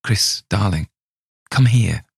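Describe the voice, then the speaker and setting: A man voicing an anxious, loving adoptive mother in a spoken ghost story, pleading in a raised pitch. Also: lively intonation, slow, gravelly, husky, no room sound, clean studio sound, heavily acted.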